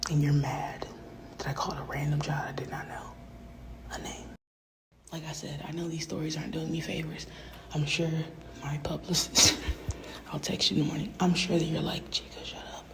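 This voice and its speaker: Gravelly low-voiced woman ranting, profane. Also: fairly even intonation, normal speed, pauses often, poor audio. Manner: profane, rambling, often sinks to a whisper. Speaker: rapper. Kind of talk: casual rant on a livestream.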